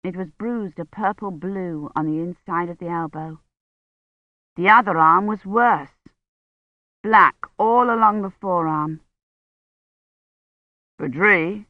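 An audiobook narrator reading a novel in a measured, even way. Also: mid-range voice, no echo, narrow, tinny audio. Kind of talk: scripted narration.

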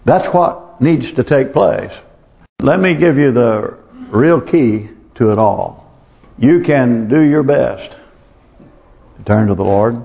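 With a gravelly, medium-pitched voice, this man preaches slowly yet animatedly as a pastor in a church sanctuary. His sermon is earnest and pleading, leaning on repeated phrases for emphasis. The sound is dull and carries a long hall reverb.

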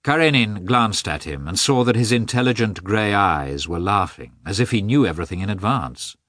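A man narrating a classic novel with an expressive, scripted delivery. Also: on the low side, moderate pace, no echo, studio quality. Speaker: audiobook narrator.

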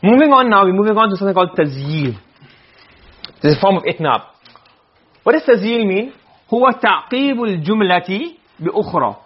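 A fast, animated man with a high-pitched, slightly breathy voice and frequent pauses gives a classroom lecture on Arabic rhetoric. Moving between Arabic phrases and English explanations, he repeatedly checks comprehension with "okay?" and "you understand?" The recording is dull and lo-fi.

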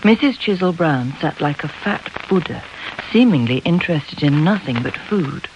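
A measured audiobook narrator with a mid-range voice who slows down to linger on key words. The reading comes through a slightly dull, lo-fi recording. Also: medium pitch, expressive, a little hiss or hum. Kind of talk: scripted narration.

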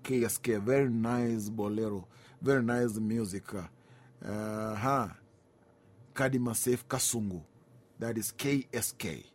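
A man's voice: on the low side, measured pace, a little mellow. A Kenyan man hosting a music radio show, chatting casually, mixing in Swahili phrases and reading out listener greetings and requests.

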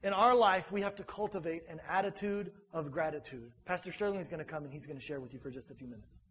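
A man's voice: fairly high pitch, quick pace, a bit bright, husky, big-room sound. A man preaching in a church, talking in a rambling, conversational way. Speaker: pastor. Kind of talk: sermon. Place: church sanctuary.

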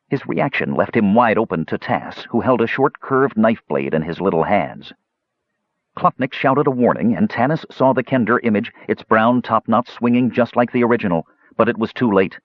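Man narrating a fantasy audiobook, lively delivery, kinda husky, dry muffled sound. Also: on the low side, no echo. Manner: expressive, dramatic reading.

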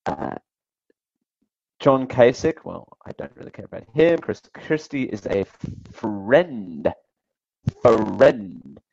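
Gravelly, wry male radio host. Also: mid-range voice, sing-song, slow, darkish tone, no room sound, lo-fi sound. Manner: wry, sarcastic asides with chuckles. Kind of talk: casual political commentary.

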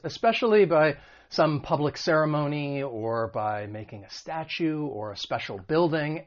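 Man teaching English words. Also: a little high. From United States. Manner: clear, patient, models words slowly. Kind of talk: vocabulary and pronunciation lesson. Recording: dull lo-fi recording.

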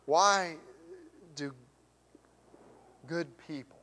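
A man preaching a sermon as pastor, swinging from emphatic raised questions to hushed near-whispers. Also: fairly high pitch, slow pace, long pauses. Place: church sanctuary. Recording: long church hall reverb.

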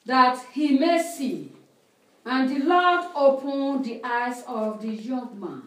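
A woman preaching a sermon with an interpreter, speaking slowly and emphatically and repeating phrases. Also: high voice, very animated, fairly bright tone. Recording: echoey hall, distant mic.

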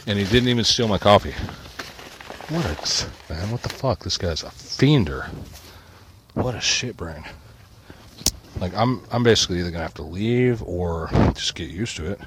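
A man's voice: low voice, lively intonation, normal speed, pauses often, background noise. A man delivering an agitated, profane ranting monologue, swearing constantly and muttering to himself.

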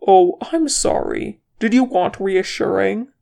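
A boastful male dwarf warrior, blunt and quick to banter, voiced by a reader in a storybook reading. The voice is deeply gravelly and unhurried. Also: a little mellow. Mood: gruff teasing. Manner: blunt, bantering, calls others laddie.

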